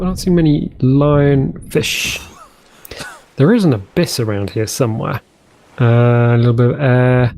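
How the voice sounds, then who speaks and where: A let's play host gives casual, chatty commentary over his own gameplay, easily delighted and trailing off mid-sentence as he explores. His voice is on the high side, with vocal fry and a darkish tone.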